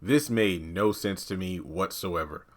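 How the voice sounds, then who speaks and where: Man, TV review vlog, exasperated rant, fairly low voice, frequent swearing. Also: measured pace. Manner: exasperated, ranting, swears freely; jumps into quoted lines with raised pitch. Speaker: TV show reviewer. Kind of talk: casual TV episode review.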